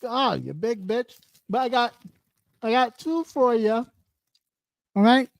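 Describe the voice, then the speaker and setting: Host for a casual commentary show: crude, mocking and profane, slow and dry, winded, with long "mm" eating noises. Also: mid-range voice, animated, gravelly, no room sound. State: out of breath.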